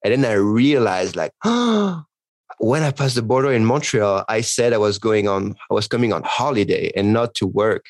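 A man's voice: on the low side, a little fast, few pauses, no echo. A circus trapeze artist telling a story in casual conversation, acting out the voices of others and laughing as he goes. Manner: animated, acts out quoted voices, laughs mid-story.

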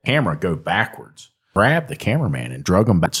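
A man's voice: sits low, very animated, a little fast, fairly bright tone, husky. A man in casual chat, telling stories and teasing his co-host. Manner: storytelling, teasing.

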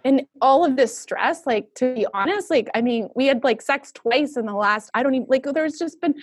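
A woman in her thirties, a guest telling an emotional personal story in an animated way, with many "like" fillers. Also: high voice, normal speed, no echo, clean studio sound.

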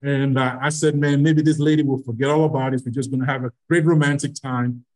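A middle-aged podcast guest from Nigeria, with a mid-range voice and a slightly fast delivery, spins a personal anecdote. He animates it by acting out the quoted lines.

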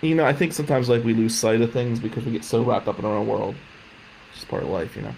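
A man's voice: mid-range voice, fast talker, gravelly, darkish tone, rough recording. A man telling his own life story with candor, rambling and swearing when upset, a faint hiss behind him. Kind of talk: emotional personal storytelling. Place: jail visiting room.

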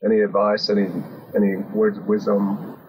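Man, podcast host, halting questions, raspy voice, muffled lo-fi sound. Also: on the low side, completely flat delivery. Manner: brief agreeing replies, halting questions with fillers. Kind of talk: casual interview. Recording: dull lo-fi sound.

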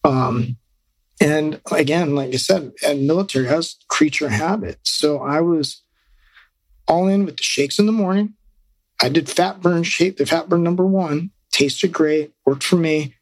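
A middle-aged man, a guest, tells his story in a rambling, animated way and often acts out what he and others said. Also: a little high, measured pace, no room sound. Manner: animated, rambling, quoting himself. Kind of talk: casual storytelling.

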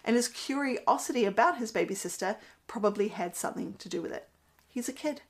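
A woman's voice: on the high side, expressive, a little fast. A woman, a mother talking earnestly about parenting in a casual monologue, laughing now and then at her own stories. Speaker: mother giving parenting commentary. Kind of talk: casual monologue with Bible quotes.

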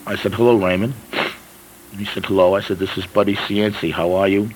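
An older man giving formal testimony in a slow, measured way, as if reading a prepared statement. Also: fairly low pitch, fairly even intonation, a little hiss or hum, poor audio. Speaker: testifying witness.

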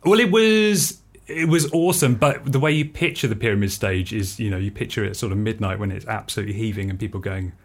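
Lively man telling stories. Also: fairly low pitch, fast, few pauses. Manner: animated storyteller who acts out quotes and laughs often. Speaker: freelance composer and musician, podcast guest. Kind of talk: casual interview storytelling.

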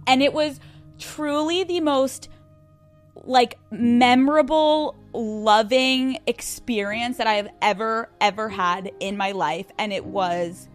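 A young woman from Pennsylvania hosting a podcast, telling a personal story in a casual, excitable way, swearing freely and saying "like" a lot. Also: fairly high pitch, slow pace, faint music behind. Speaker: podcast host.

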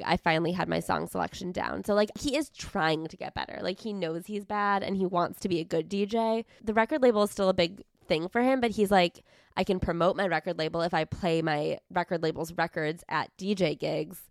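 A woman's voice: fairly low pitch, steady tone, brisk, vocal fry, dry recording, studio quality. A young adult woman co-hosting a podcast, thoughtfully explaining motives in casual chat and reading book quotes aloud. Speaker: podcast co-host.

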